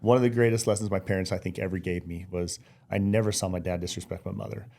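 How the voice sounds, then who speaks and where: Man, middle-aged, podcast guest, earnest, teary-eyed, warm dark tone. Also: deep voice, steady tone, fast talker, creaky. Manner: earnest, heartfelt, many restarts. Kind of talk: emotional interview.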